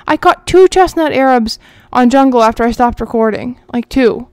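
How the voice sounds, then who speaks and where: Woman rambling through her gameplay, kinda high voice, smooth and clear, dry close mic. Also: expressive, moderate pace, hardly any pauses, a little mellow, no room sound. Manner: chatty, rambling, talks to viewers as she plays. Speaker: gaming channel host. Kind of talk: casual gameplay commentary.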